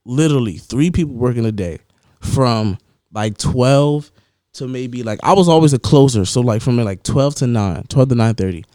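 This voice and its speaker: A young man co-hosting a podcast, telling a story in an animated, laughing way. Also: medium pitch, moderate pace, no room sound, studio quality. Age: young adult. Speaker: podcast co-host. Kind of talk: casual chat.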